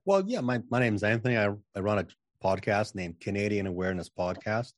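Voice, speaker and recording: Confident guy on an interview, kinda low voice, dry sound, keeps restarting sentences. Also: a little fast, no room sound. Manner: emphatic, self-assured, repeats words when starting sentences. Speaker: podcast guest, channeling coach. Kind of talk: casual interview talk.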